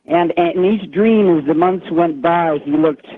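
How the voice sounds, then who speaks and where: A man's voice: a little high, measured pace. Man caller on a tinny phone line. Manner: rambling storytelling with many fillers. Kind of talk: telling a ghost story on a call-in show.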